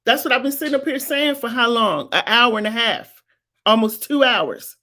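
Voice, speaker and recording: A woman's voice: a little high, normal speed, sharp tone. A woman, hosting a live commentary show and making her points with emphatic, repetitive insistence. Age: 50s. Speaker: talk show host. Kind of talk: live-streamed commentary answering viewers.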